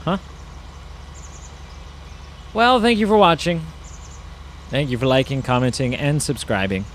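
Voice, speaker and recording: Man, casual game commentary, rambling musing tone, mid-pitched voice, faint noise behind. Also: big pitch swings, measured pace. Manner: rambling, musing asides with many fillers. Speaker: gaming YouTuber.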